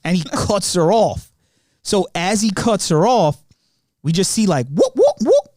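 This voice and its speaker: A young man tells a family story on a podcast, slangy and laughing as he acts out the lines. His voice sits fairly high, and the recording is dry and close. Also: a little slow, a little mellow, no echo. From Long Island, New York. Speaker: podcast co-host. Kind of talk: casual storytelling chat.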